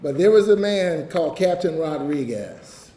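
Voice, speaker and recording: A man's voice: a little high, lively intonation, moderate pace, mellow. A man giving an emotional, earnest speech as fire chief at a ceremony, often saying "you know". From Ohio, United States. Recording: echoey room, distant mic, faint hiss.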